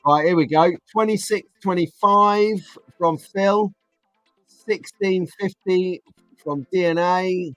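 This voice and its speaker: A man's voice: sits high, takes it slowly, fairly bright tone, no echo, soft background music. Chatty man hosting a live stream. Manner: chatty, jokey, reads out viewer comments. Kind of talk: casual live stream chat.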